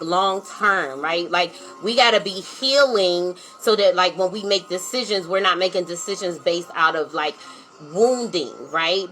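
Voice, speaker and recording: On a live stream, a woman who works as a spiritual coach talks with heartfelt earnestness, circling back over her points and constantly asking "right?" and saying "like." Her voice is lowish, bright, and forceful, and the poor audio carries a little hiss or hum.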